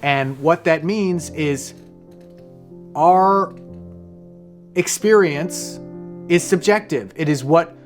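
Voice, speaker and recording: A man's voice: on the high side, slow pace, pauses often, soft background music. A man hosting a casual explainer monologue, talking loosely, wandering into side stories and swearing offhand. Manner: rambling, conversational, off-hand swearing. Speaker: host, comedian.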